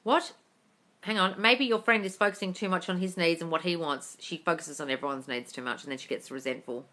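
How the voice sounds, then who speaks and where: Bright-voiced, blunt, swearing woman streamer. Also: on the low side, a little fast. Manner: animated and blunt, swears freely. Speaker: manifesting coach hosting a live Q&A. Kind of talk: casual livestream chat reading viewer comments. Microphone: phone mic on a social media live stream.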